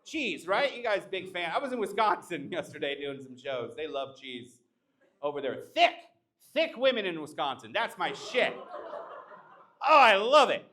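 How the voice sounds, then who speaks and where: Brief: young man, stand-up at a live show, animated and brash. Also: high voice, moderate pace. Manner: brash, crowd-teasing, animated. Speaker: stand-up comedian. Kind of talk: live stand-up set with crowd work. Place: live comedy show at an art exhibition.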